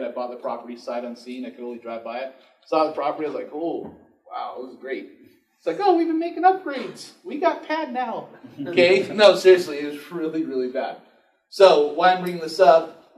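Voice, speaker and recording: A man's voice: mid-range voice, a little mellow. A man teaching landlords at a live workshop, casually telling stories and acting out the dialogue. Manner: casual storytelling, acts out dialogue. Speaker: real estate investor teaching a workshop. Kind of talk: live workshop talk to an audience. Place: room with an audience. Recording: echoey room recorded from far off.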